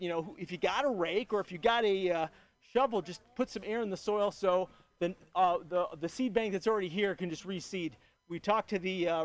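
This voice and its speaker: High-voiced man rambling to a crowd. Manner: rambling, earnest, many fillers. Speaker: gathering organizer. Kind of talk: addressing a crowd.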